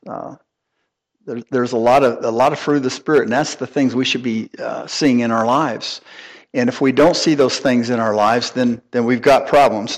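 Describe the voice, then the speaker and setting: A middle-aged man giving a conversational sermon, folksy and anecdotal, chuckling at himself as he tells stories. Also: medium pitch. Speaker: preacher.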